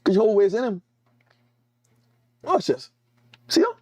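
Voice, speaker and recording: A man's voice: sits high, big pitch swings, moderate pace, a little mellow, breathy edge, no echo. A man with a Caribbean accent preaching a sermon as an evangelist, emphatic and repetitive, calling out to his congregation. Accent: Caribbean English.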